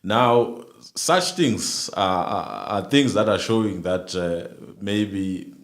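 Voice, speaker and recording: A man co-hosting a live stream, giving his views in halting speech full of repeated words and fillers. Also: deep voice. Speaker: livestream co-host commenting on a court case. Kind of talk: casual live commentary.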